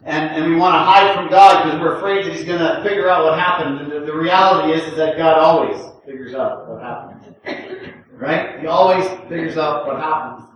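A man's voice: on the high side, moderate pace, fairly bright tone, dull audio, slight background noise. Grandfatherly preacher in an echoey church. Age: older. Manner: conversational preaching with frequent "right?" and chuckles. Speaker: pastor. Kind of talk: sermon. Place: church sanctuary. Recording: echoey room, distant from the mic.

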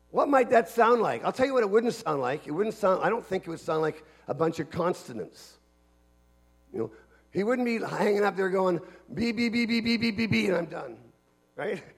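Gravelly, husky-voiced man preaching a sermon. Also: high-pitched. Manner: earnest, builds from hushed to shouting.

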